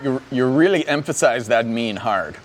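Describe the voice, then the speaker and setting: A man's voice: medium pitch, expressive, normal speed. A man playing a tabletop game, talking loosely and joking with fillers. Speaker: player. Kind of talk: casual game chat. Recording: faint background noise.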